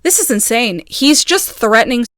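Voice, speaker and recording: A woman talks into a phone in a casual vlog, her voice sitting a little high. She reads messages aloud in hurried bursts and breaks off with agitated, halting asides. The sound is close and dry, with no room around it. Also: lively intonation, a bit bright, no echo. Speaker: vlogger.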